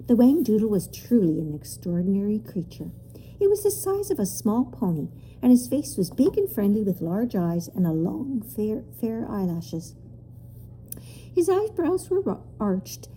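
A woman narrating a children's story aloud, expressive in her reading. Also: mid-range voice, measured pace, slight background noise. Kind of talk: audiobook narration.

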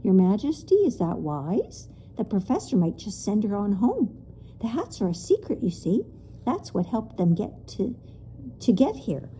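A woman voicing a gentle male servant creature in a storybook, talking in a careful, deliberate way. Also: medium pitch, wildly swooping pitch, a little hiss or hum. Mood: cautious. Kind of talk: storybook reading.

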